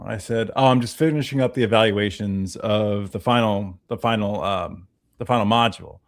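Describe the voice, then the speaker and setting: A man with a lowish voice tells a story in casual chat. He acts out the dialogue and swears freely, and he comes across animated and unguarded. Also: a little fast. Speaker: podcast guest. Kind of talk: casual conversation.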